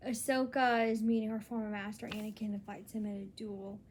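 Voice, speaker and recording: A woman's voice: mid-range voice, flat delivery, fairly quick, a little mellow, a little hiss or hum. A young woman talking in a casual solo vlog, earnest and rambling, with many restarts. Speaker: vlogger.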